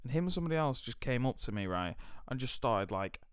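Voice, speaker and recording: A man's voice: medium pitch, fast talker, clear, resonant tone, no room sound, studio quality. A young adult man with a British accent, hosting a podcast and telling stories animatedly, swearing and filling his talk with "like". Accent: British English. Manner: animated, swearing, many fillers. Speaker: podcast host. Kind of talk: casual storytelling chat.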